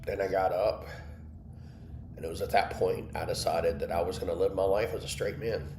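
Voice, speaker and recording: A man's voice: low voice, steady tone, moderate pace, reverberant, background noise. A man hosting an online Bible study, candidly sharing an emotional personal testimony and breaking off to answer his live chat.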